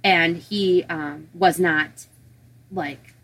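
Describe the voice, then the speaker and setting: A woman's voice: fairly low pitch, steady tone, very slow, fairly bright tone, a little hiss or hum, poor audio. Chatty woman telling a story. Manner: chatty storyteller, easily grossed out. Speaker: podcast co-host. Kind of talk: casual chat.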